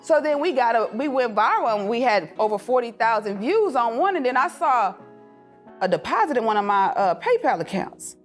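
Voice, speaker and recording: A woman giving a passionate, faith-filled motivational speech to a live audience, emotional at times and slipping into lively voices when she quotes her children. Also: normal speed, faint music behind. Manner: passionate and preachy, mixing faith with business advice; swings into high, laughing voices when quoting her kids and herself. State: emotional, near tears at times. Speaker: event speaker. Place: event room with an audience.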